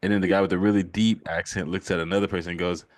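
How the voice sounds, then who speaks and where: A man's voice: low-pitched, little pitch movement, very fast, no echo, clean studio sound. A man hosting a casual live stream chat while painting, laid-back, laughing often and repeating himself. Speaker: livestream host.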